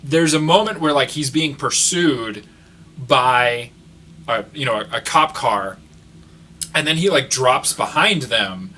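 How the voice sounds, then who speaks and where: A man co-hosting a casual movie podcast, talking in an animated, rambling way full of fillers. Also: medium pitch, slow, a little hiss or hum. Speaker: podcast co-host. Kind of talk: casual chat.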